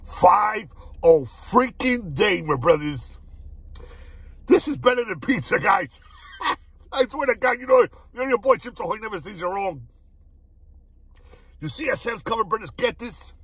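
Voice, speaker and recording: An excitable man tasting food on camera, his voice husky and sitting high. He talks in a lively, swooping way and keeps breaking into laughs and cries of delight. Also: normal speed, long pauses, no echo. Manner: excitable, repeats "my brothers", laughs often. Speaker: food reviewer. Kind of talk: casual food review vlog.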